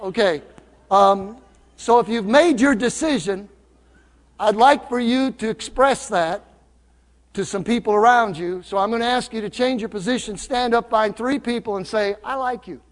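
A man's voice: sits high, moderate pace, big-room sound. A man preaching a sermon as pastor, playful and teasing as he talks to the congregation. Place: church sanctuary.

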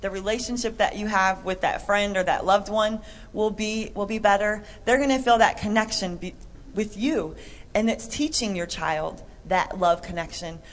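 A woman co-hosting a Christian talk show, chatty and animated, acting out little quotes. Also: mid-range voice, moderate pace. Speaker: co-host. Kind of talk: Christian podcast chat.

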